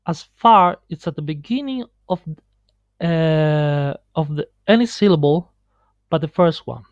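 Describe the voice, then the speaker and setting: A man teaching pronunciation on a screen recording, explaining slowly with many pauses and fillers. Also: a little high, no room sound. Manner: slow, halting explanation with many fillers and restarts. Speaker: Spanish teacher. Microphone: computer mic on a screen recording. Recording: dull lo-fi screencast audio.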